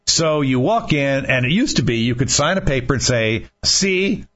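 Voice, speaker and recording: Guy hosting talk radio, husky voice that jumps all over, kinda muffled lo-fi sound. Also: medium pitch, lively intonation, fairly bright tone. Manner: rambling, joking, halting restarts. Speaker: radio talk show host. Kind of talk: casual talk radio banter. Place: radio studio in Florida.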